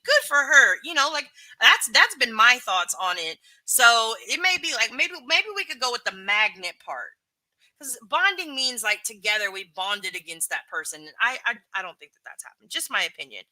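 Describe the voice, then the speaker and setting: A woman's voice: on the high side, sing-song, normal speed, bright, forceful tone, no echo. A woman hosting a live stream, reading chat and giving her candid, emphatic opinions with casual swearing.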